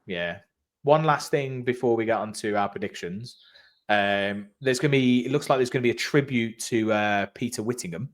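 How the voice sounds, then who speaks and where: A man's voice: medium pitch, normal speed. A man co-hosting a fan channel, chatting casually about football and reading out club news with frequent laughs.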